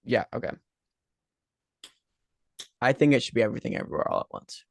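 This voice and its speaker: Male podcast co-host, mid-pitched, dry sound, playful and keen. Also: sing-song, brisk, vocal fry, darkish tone, no room sound. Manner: enthusiastic, playful banter. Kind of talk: casual chat.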